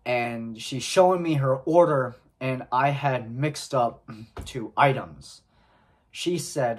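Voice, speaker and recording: A man speaks to camera in an unhurried, drawn-out way, as if recounting something that happened to him. His delivery halts and restarts, with pauses and throat clearing between phrases. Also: mid-range voice, lively intonation, fairly bright tone. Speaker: vlogger. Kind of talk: casual storytelling to camera.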